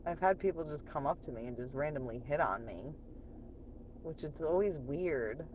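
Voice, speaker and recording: A woman's voice: sits low, expressive, moderate pace, a little mellow, a little hiss or hum. A woman chatting on a late-night livestream from home, profane and laughing often while she reads chat aloud.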